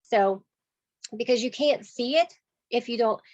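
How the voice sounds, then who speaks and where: A woman sales consultant, telling a lively story on a video call, acting out voices and laughing often. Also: a little high, unhurried, no room sound, lo-fi sound.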